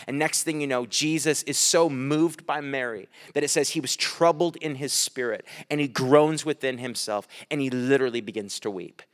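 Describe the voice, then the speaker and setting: A man's voice: medium pitch, moderate pace, hardly any pauses. Man preaching in a reverberant hall. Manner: reads verses aloud, breaks off with light asides and chuckles. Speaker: pastor. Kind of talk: sermon reading scripture.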